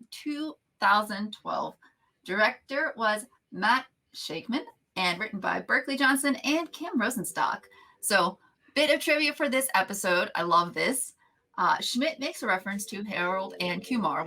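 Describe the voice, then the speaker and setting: Woman, podcast host, casual chat, bright tone, upbeat. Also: medium pitch. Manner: upbeat, chatty, laughs easily.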